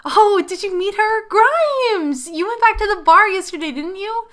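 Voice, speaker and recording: A woman reading the lines of a nosy, cheerful female coworker from a game, excited and teasing. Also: very high voice, measured pace, voice pushed up, exaggerated voice. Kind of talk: reading game dialogue aloud.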